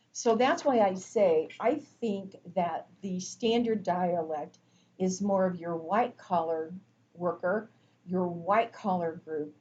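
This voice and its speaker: A woman instructor giving a recorded lecture, explaining terms in a measured way with frequent fillers. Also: lowish voice, a little mellow, lo-fi sound.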